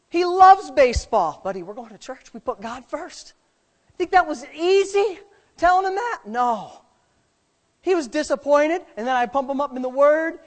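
A middle-aged man preaching a sermon as pastor, swinging from quiet, low asides to loud, fervent shouting.

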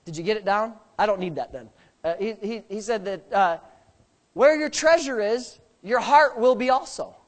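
Male pastor, church sermon, emphatic, loud bursts and quiet asides, joking. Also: lively intonation, moderate pace. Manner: swings between loud bursts and low asides. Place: church sanctuary.

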